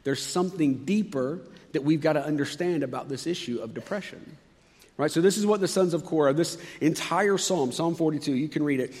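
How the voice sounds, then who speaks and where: A man preaching with a slightly higher voice, telling the story dramatically and dropping from excited, loud bursts to soft, hushed lines. His voice carries a long reverb, as in a large church hall. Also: fairly quick. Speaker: pastor. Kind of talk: sermon.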